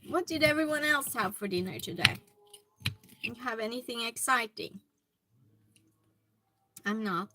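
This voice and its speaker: A woman's voice: on the high side, expressive, a little slow, long pauses, pushed and bright, dry recording, rough recording. A woman hosting a hobby livestream from her home hobby room, chatting casually and greeting viewers by name as she reads their comments.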